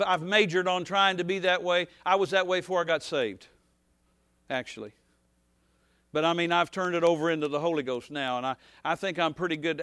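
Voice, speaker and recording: A man preaching a folksy, rambling sermon as pastor, dropping to soft asides and rising to shouts. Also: a little high, no room sound, studio quality.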